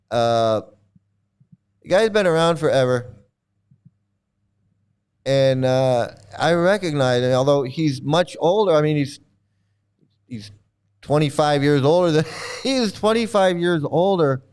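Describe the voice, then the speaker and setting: A man's voice: on the high side, darkish tone, smooth. A man giving casual video commentary, sarcastic and rambling with many restarts.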